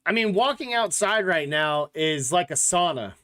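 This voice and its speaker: Sports podcast host, male, higher voice, loose filler-heavy chat with blunt takes. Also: expressive, normal speed, bright, forceful tone. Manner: rambling, filler-heavy talk with frequent "like" and "literally"; blunt, joking opinions.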